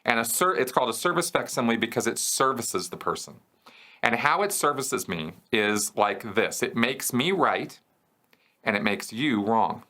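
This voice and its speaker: Male host, bright clear tone, easy explanatory delivery, keeps asking "okay?". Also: medium pitch, lively intonation, normal speed. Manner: conversational, checks in with "okay?" and "right?". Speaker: host answering viewer questions. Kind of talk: explanatory casual talk.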